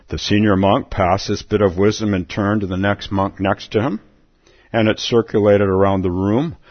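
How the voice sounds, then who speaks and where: Zen teacher guy giving a dharma talk, low husky voice, chuckles a lot, dull lo-fi dry recording. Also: no room sound. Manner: relaxed, chuckling, repeats words as he goes.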